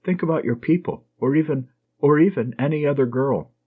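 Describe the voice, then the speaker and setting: An affectionate young nurse, teasing and fond, as a husky male narrator puts her on. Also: fairly high pitch, brisk, pitched above the performer's own voice. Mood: tender. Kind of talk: audiobook reading. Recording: dull lo-fi recording.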